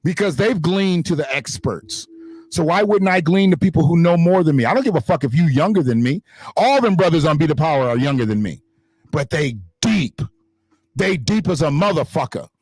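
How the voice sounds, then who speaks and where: A man's voice: a little high, animated, normal speed, a little mellow, slightly rough, no echo. A man hosting an unscripted livestream, talking in a fiery, profane and emphatic way at a home streaming setup. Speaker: livestream host. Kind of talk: heated unscripted livestream rant. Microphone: desktop streaming mic in front of a green screen.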